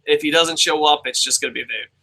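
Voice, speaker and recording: A man hosts a live-streamed show, talking casually off the cuff. His voice sits somewhat high and sounds very bright and forceful. He rambles, swears freely and jokes at his own expense. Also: fast talker, rough recording. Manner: profane, rambling, self-mocking. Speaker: show host.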